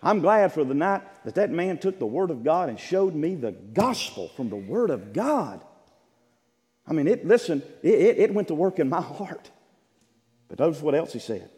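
A man preaching a sermon in an emphatic, repetitive style with bursts of shouting. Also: on the high side, sing-song, normal speed. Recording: church sanctuary with long reverb.

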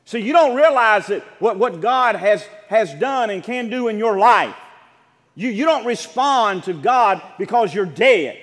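A man's voice: high-pitched, animated, long reverb tail. A male pastor preaching a sermon, emphatic, drawing out words and calling questions to the congregation. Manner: emphatic preaching with rising shouts and drawn-out words.

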